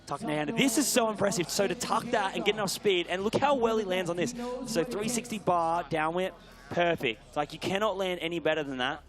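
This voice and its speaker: A man giving live sports commentary, excitable and bursting into shouts when something big happens. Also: high voice, brisk, crowd noise.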